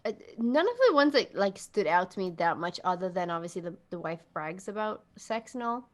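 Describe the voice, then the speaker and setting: A woman's voice: mid-range voice, expressive, fairly quick. A woman hosting a podcast in casual chat, chatty and jokey, laughing often. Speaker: podcast host.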